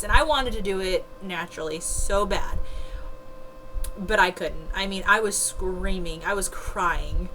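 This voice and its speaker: Chatty young woman with a bright voice. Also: medium pitch, slight background noise, rough recording. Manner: chatty, laughs often, frequent "like" fillers. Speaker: new mother telling her birth story. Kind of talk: casual vlog storytelling.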